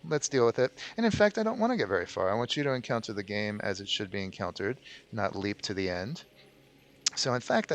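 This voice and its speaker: Low-voiced man chatting over gameplay. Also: a bit bright. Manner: rambling, many ums and restarts. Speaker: let's play host. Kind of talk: casual gameplay commentary.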